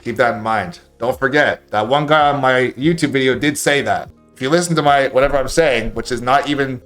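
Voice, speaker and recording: A man speaking on a live stream in a blunt, profane, animated way, acting out quoted voices as he gives advice. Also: medium pitch, fairly quick, faint music behind. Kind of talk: casual live-stream rant.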